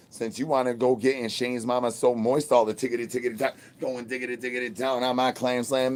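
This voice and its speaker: A man hosting a phone livestream in a crude, slang-heavy ramble, repeating rhyming catchphrases and swinging between loud bursts and low mutters. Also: slight background noise. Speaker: livestream host. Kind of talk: rambling live stream chat.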